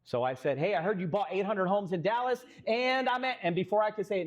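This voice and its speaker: Talking fast with few pauses, this high-voiced Texan real estate co-founder tells a business story at a live panel. He animatedly acts out quoted exchanges and keeps asking the audience questions.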